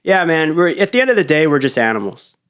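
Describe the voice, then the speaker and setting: A man's voice: on the high side, very animated, quick pace, a bit bright, smooth. A man hosting a podcast, laid-back and swearing freely in casual chat. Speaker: podcast host.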